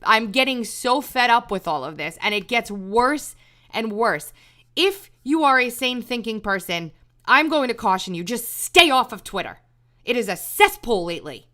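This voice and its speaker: A woman's voice: fairly high pitch, very animated, normal speed, pushed and bright. A woman host delivering an exasperated, emphatic commentary monologue, repeating words when heated. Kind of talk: angry monologue rant.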